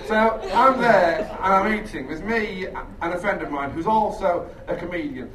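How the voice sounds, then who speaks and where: A man doing a rambling, sweary, self-mocking stand-up set on a theatre stage, with bursts of shrill shouted impressions. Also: moderate pace, crowd noise. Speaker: stand-up comedian. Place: theatre stage with a laughing audience. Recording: echoey live room, distant, audience noise.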